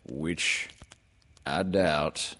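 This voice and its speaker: A man's voice: very deep voice, exaggerated voice. Eeyore, a man doing a mournful gloomy donkey. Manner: slow, mournful, drawn-out deadpan. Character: gloomy old male donkey, slow and doubtful. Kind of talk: storybook reading.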